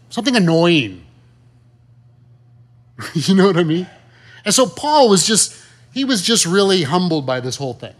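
A man's voice: a little high, big pitch swings, normal speed, long pauses. A man preaching a sermon in a conversational, folksy way, full of rhetorical questions and asides. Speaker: pastor.

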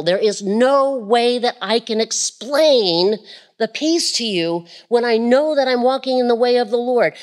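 A woman preaching a Pentecostal sermon, expressive, swinging from shouts to quiet asides. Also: fairly high pitch.

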